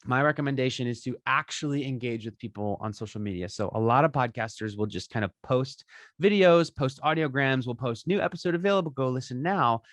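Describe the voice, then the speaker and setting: A man's voice: medium pitch, brisk, no echo, studio quality. A man as a podcaster guest, giving upbeat, chatty advice and tagging his points with "right?". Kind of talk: casual interview advice.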